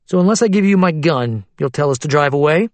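A man's voice: on the high side, expressive, quick pace, dry recording, voice pushed up, lightly acted. A man voicing a blunt, stubborn male private investigator.

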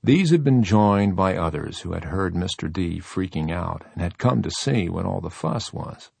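A man reading a novel aloud in steady, measured narration. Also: deep voice, gravelly, husky, no room sound. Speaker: audiobook narrator. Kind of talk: scripted narration.

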